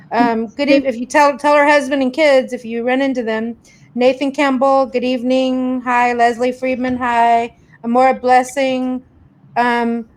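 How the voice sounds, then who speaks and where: A woman hosting a casual live stream, chattily greeting viewers by name and reading their questions. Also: high-pitched. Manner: warm greetings, chatty, rambling. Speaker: host reading viewer comments.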